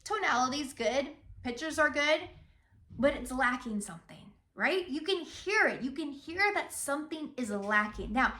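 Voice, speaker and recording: High-voiced woman teaching singing, unhurried. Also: sharp tone. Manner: patient and encouraging, speaks lyric lines aloud to show emphasis. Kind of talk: vocal lesson with spoken demonstrations. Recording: roomy, echoey room.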